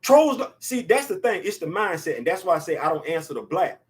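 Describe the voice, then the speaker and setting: A man's voice: high voice, very animated, brisk. A man in his fifties hosting a casual opinion show, talking emphatically and repeating words to drive his points home. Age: 50s. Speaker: podcast host.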